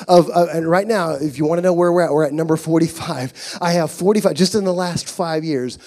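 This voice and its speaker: A middle-aged male pastor preaching a sermon in a church, moving from quiet, intimate passages to loud, fervent shouting. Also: fairly high pitch, brisk. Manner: swings from hushed to shouting with rising fervor. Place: church sanctuary.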